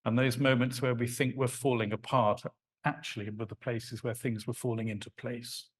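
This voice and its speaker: Man giving a lively lecture. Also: medium pitch, normal speed. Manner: animated and conversational, acts out sounds and rhythms. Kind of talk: live lecture to an audience. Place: lecture hall.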